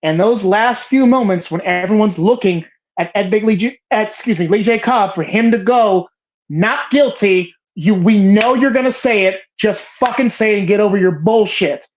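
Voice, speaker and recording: A woman hosts a casual film show, gushing and cursing as her thoughts tumble out in restarts. Her pitch sits in an ordinary middle range. The recording has a slightly muffled, lo-fi quality. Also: normal speed, darkish tone. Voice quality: emphatic, profane, rambling with restarts. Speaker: host of a movie bracket show. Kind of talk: casual, passionate film talk. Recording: slightly dull lo-fi sound.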